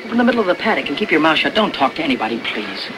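An actor playing a protective male horse trainer in a film, talking in a brisk, commanding way. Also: a little high, big pitch swings, noisy background. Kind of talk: film dialogue.

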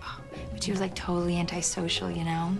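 A woman's voice: lowish voice, level tone, fast, vocal fry. An actress playing a chatty, friendly young female neighbor who gossips breezily. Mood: breezy. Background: film score music.

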